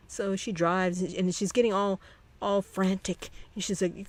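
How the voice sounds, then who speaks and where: A channel host telling a personal story in a rambling, halting way, often restarting sentences. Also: medium pitch, fairly even intonation.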